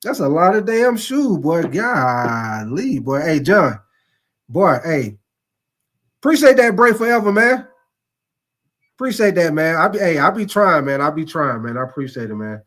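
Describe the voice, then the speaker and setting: A man's voice: a little high, big pitch swings, a little slow, fairly bright tone. A man hosting a casual sports live stream, chatting loosely, laughing and thanking viewers by name. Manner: laid-back, laughs often, repeats "most definitely, man".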